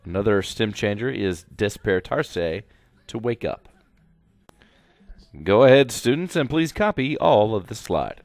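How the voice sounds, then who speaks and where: Guy teacher going over verb slides, lowish voice that jumps around a lot, dry close sound. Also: lively intonation, measured pace, creaky, dry recording. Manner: instructive, repetitive, addresses students directly. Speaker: Spanish teacher. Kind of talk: slide-by-slide grammar lecture.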